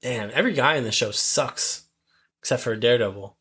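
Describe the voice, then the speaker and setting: A man's voice: mid-range voice, a little fast, a bit bright, slightly rough. A man hosting a podcast in casual chat, playful and easily amused. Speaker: podcast host.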